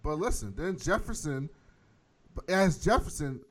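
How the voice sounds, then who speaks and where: A man in casual chat, recapping a TV episode with animated, profane storytelling. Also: on the high side, a little slow. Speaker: podcast host recapping a TV episode. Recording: noisy with clicks.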